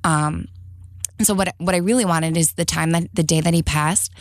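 A woman's voice: sits low, steady tone, normal speed, dry recording, clean studio sound. A woman co-hosting a podcast in casual chat, talking emphatically with lots of fillers and some cursing. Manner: emphatic, curses freely, many fillers. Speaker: podcast co-host.

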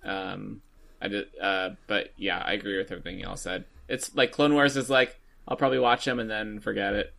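Laid-back man with a gravelly, bright voice. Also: lowish voice, fairly even intonation, brisk. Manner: laid-back, hesitant, fillers. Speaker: podcast co-host. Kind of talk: casual chat.

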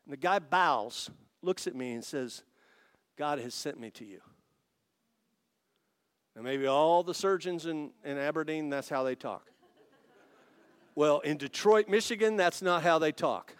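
A man from Italy, a pastor, telling his story to a congregation as a sermon, acting out both sides of the dialogue and building to excited peaks. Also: on the high side, moderate pace, smooth. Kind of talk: testimony sermon.

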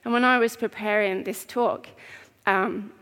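A woman giving an earnest, heartfelt sermon in a church, with pauses. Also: mid-range voice, fairly even intonation, fairly bright tone. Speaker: preacher. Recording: long reverb of a church hall.

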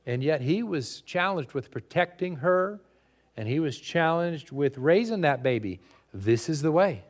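Man, pastor, sermon, animated preaching, rather high voice, live stream. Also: measured pace. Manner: animated preaching, rising loud on key points.

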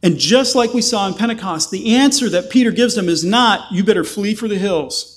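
A man's voice: high voice, animated, a little fast. A male pastor preaching a sermon with passion, asking rhetorical questions and acting out the voices he quotes.

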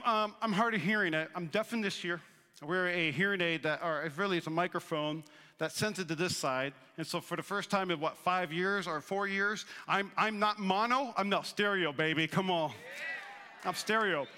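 A man in his thirties preaching a sermon as pastor, animated and joking, acting out the voices he quotes. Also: high-pitched. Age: 30s. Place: church auditorium. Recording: long reverb of a large hall.

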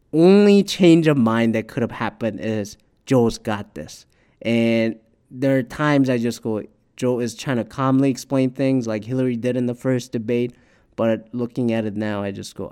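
A man in a loose, profane rant, his voice a middle pitch for a man. He talks with animated energy and slips into other voices when he quotes people. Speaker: commentator. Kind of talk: casual political rant.

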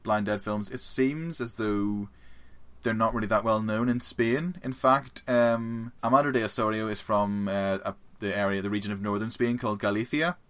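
A young man co-hosting a casual film podcast, rambling and animated as he talks, with bursts of laughter. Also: fairly low pitch, normal speed, clean tone. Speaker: podcast co-host. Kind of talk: casual chat about horror films.

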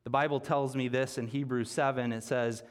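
A man's voice: medium pitch, steady tone, moderate pace. A man preaching a sermon as pastor, speaking earnestly with restarts and repeated words. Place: church sanctuary.

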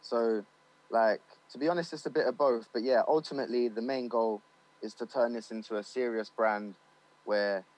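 Brief: male studio engineer, mid-pitched, loose chatty interview talk, slang and fillers. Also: steady tone, normal speed, darkish tone, low-quality recording. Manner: loose and chatty, slangy, many fillers like "you know what I mean". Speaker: studio owner and recording engineer. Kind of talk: casual interview chat.

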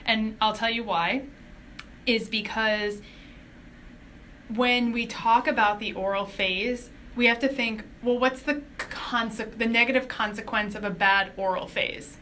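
Woman panelist; bright, forceful tone, methodical explainer. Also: fairly high pitch, steady tone, measured pace, slight background noise. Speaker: clinician on a panel. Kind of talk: casual clinical panel discussion.

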